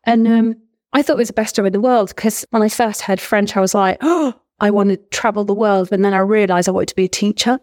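A woman's voice: mid-range voice, flat delivery, fast talker, a little mellow. A middle-aged woman, a former language teacher, chatting as a guest in an interview, enthusiastic and full of asides. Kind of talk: casual interview storytelling.

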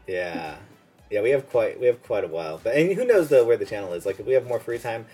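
A man's voice: medium pitch, big pitch swings, quick pace, mellow, slightly rough, soft background music. A man co-hosting an anime podcast in casual chat, laid-back and agreeable, saying "yeah" and "dude" a lot. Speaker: podcast co-host.

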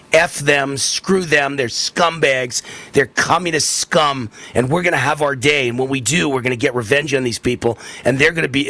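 Fervent talk radio host man, bright voice. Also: mid-range voice, gravelly, no echo. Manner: fervent and indignant, repeats phrases for emphasis. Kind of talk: political talk radio commentary.

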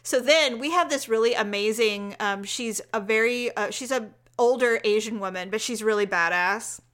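High bright-voiced woman telling a story. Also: normal speed, smooth. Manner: animated storytelling, acts out quoted voices, swears. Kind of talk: casual chat.

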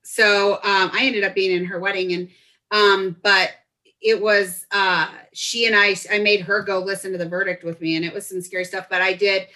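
A woman in her forties from Colorado, a guest telling stories in a lively, chatty way. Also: mid-range voice, moderate pace. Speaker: podcast guest. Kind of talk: casual storytelling chat.

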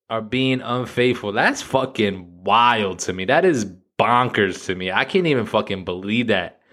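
A man's voice: medium pitch, lively intonation, unhurried, sharp tone. A man hosting a solo comedy podcast, talking crudely with lots of swearing and laughing at his own jokes. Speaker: podcast host. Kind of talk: casual comedic monologue.

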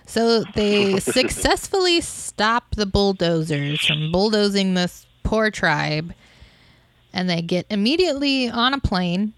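A woman's voice: medium pitch, sing-song, slow pace. A woman co-hosting a podcast, bluntly recapping a film plot in casual chat. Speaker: podcast co-host.

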